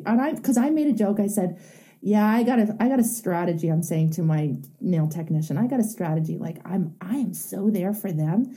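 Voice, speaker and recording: A woman's voice: medium pitch, expressive, brisk, warm tone. A woman talking frankly and emphatically as a host, telling a personal story and giving advice.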